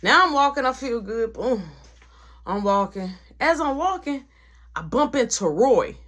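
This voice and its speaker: Animated young woman telling a story. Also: a little high, unhurried. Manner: animated, slangy, acts out dialogue. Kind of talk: casual storytime.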